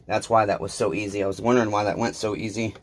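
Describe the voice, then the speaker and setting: A small engine repair vlogger chats casually with viewers while fixing a chainsaw, his lowish voice flat and fast over slight background noise. He is blunt and self-deprecating, drifting into rambling asides.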